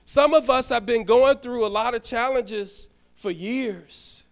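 A man's voice: very high voice, slow pace. A man preaching a sermon as a church deacon, telling a personal story and speaking directly to the congregation, often stumbling and restarting his words. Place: church sanctuary.

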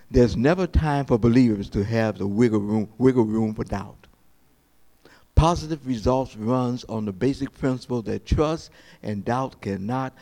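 Man, pastor, sermon, swings from hushed to high-pitched, repeats and restarts words. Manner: swings between hushed, slow quoted lines and high, lively preaching.

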